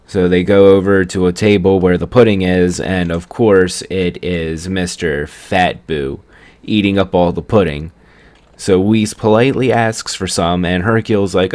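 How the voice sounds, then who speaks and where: Low-voiced man rambling through a recap. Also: steady tone, a little slow, a little mellow. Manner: rambling, laughs at the story. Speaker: anime reviewer. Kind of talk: casual episode recap.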